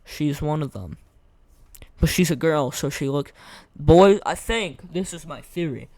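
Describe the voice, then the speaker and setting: Young man, hoarse voice, slangy rambling game commentary, slightly high pitch, dry close sound. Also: expressive, a little slow, a little mellow, no room sound. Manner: rambling, slangy, repeats himself. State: hoarse, losing his voice. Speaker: gaming content creator. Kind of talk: casual gameplay commentary.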